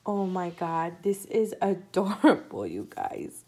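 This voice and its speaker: A woman hosting a casual unboxing chat from her home craft room. She gushes excitedly, often gasps, and keeps calling viewers "you guys.". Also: fairly low pitch, slow. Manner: gushing and excitable, often gasping. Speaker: crafting channel host.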